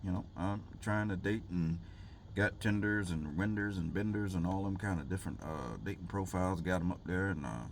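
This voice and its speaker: A man's voice: sits low, moderate pace, slight background noise. A man vlogging in a rambling, jokey way, full of fillers and asides. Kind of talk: casual rambling vlog talk.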